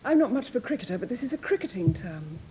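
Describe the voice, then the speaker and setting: A woman's voice: on the high side, very animated, fast talker, warm tone, a little hiss or hum, rough recording. A woman team captain on a panel game show, telling stories in a playful, amused way.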